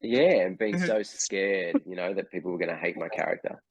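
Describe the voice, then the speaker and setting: Australian man in his 40s as interview guest, low voice, halting and full of ums, dry video-call audio. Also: animated, dry recording. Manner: hesitant, many fillers and restarts. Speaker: guest actor.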